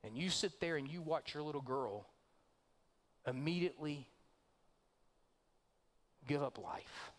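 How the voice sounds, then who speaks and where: A male pastor delivering a sermon in a church, his voice sitting a little higher than most men's. He tells a long story and acts out the lines of each character, shifting his delivery for each one. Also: animated, measured pace, pauses often, a bit bright. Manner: storytelling, acting out quoted voices. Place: church sanctuary.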